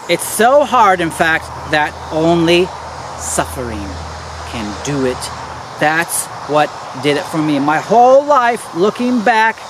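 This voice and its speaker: A man's voice: high-pitched, fairly bright tone, slight background noise, low-quality recording. Earnest guy preaching to his viewers, calls em guys, repeats stuff for emphasis, crickets and cars going by behind. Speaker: church video host. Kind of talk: direct-to-camera teaching talk.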